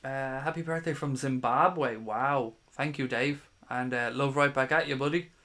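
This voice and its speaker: A man's voice: medium pitch, fairly even intonation, normal speed, a bit bright. A man in his thirties hosting a live stream, casually reading viewer comments aloud in a chatty, matey way and swearing now and then. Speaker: fan channel host.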